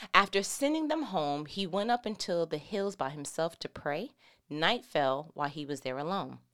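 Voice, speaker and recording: Smooth low-voiced woman teaching scripture. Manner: playful, slangy asides between scripture readings. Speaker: Bible teacher. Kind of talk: casual Bible teaching.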